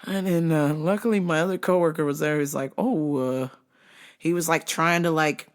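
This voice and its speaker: A woman hosting a show, telling comic stories in a loose, profane, animated way. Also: deep voice, moderate pace. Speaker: host. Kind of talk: casual comedic storytelling.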